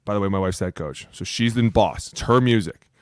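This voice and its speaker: A man co-hosting a football podcast, telling stories in a profane, animated way. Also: lowish voice, brisk, clean tone, no room sound, studio quality. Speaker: podcast co-host, former NFL lineman. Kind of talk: casual chat.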